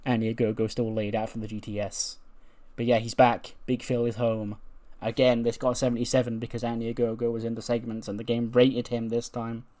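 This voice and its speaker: A man's voice: mid-range voice, level tone, a little fast, dark tone. A man casually recapping scenes from a wrestling simulation game, chuckling as he retells them. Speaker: game streamer.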